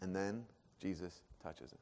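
A man preaching a sermon, earnest, dropping to a hush and then rising to emphatic peaks. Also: deep voice, unhurried. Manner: earnest, swings from hushed to emphatic. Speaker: pastor. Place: church auditorium. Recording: long hall reverb.

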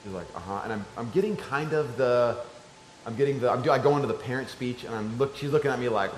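A middle-aged man preaching a sermon, telling a story and swinging between loud excited shouts and soft hushed tones. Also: mid-range voice, fast, slight background noise. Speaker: pastor. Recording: echoey room with faint ambience.

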